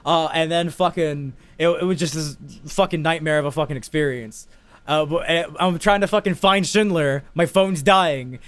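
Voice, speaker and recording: A young man co-hosting a podcast, telling a story in casual, profane chat and bursting into shouts as he acts out his panic. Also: a little high. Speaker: podcast co-host.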